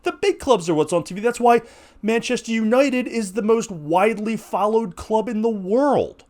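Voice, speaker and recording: A man's voice: high-pitched, darkish tone. An American man in his forties, hosting a podcast and making an impassioned, rhetorical argument with frequent restarts. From United States. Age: 40s. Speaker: podcast host. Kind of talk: opinionated monologue.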